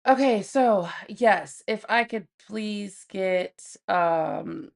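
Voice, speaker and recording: A woman's voice: medium pitch, extremely slow, gravelly. A woman hosting a casual livestream from home, blunt and profane, often laughing as she talks to her viewers and her pet. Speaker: livestream host.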